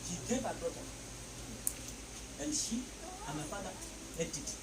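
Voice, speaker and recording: A woman preaching a sermon, shouting decrees and telling stories with bursts of laughter. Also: on the low side, big pitch swings, a little slow. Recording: echoey hall recorded from a distance with background noise.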